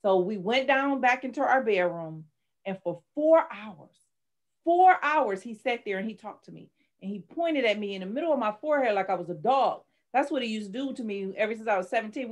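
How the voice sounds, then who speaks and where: A woman's voice: on the high side, expressive, fairly quick. A middle-aged woman, a life coach and author, telling her personal story candidly and with strong emotion in an interview. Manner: candid, emotional, dramatic retelling.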